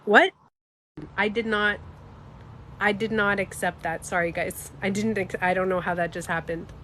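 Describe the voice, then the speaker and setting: A woman's voice: mid-range voice, steady tone, moderate pace, sharp tone, slight background noise. A young woman hosting a casual livestream, talking emphatically and answering chat comments. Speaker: livestream host.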